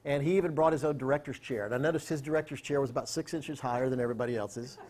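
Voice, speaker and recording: A man giving a talk, telling a story in an animated way and acting out the people in it. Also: mid-range voice, racing. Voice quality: animated, acts out quotes. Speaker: speaker.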